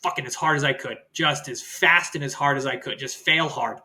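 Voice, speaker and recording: A man's voice: mid-range voice, brisk, pushed and bright. A man who is a guest on a podcast, chatting casually, laughing easily and swearing. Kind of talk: casual chat.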